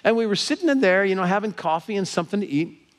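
Animated American pastor telling a story. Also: male voice, high-pitched, fast talker. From Southern California. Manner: animated, grows excited and laughing as story builds. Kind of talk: sermon storytelling.

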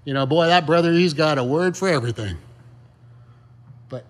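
Male pastor, casual folksy sermon, slightly high voice. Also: moderate pace. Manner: conversational, folksy, with many fillers and rhetorical questions.

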